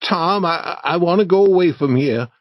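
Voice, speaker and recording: A man's voice: on the high side, lively intonation, normal speed, no echo, highs cut off, voice pushed up, lightly acted. A man voicing a timid, superstitious young boy in an audiobook, with hesitant, nervous speech. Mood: frightened.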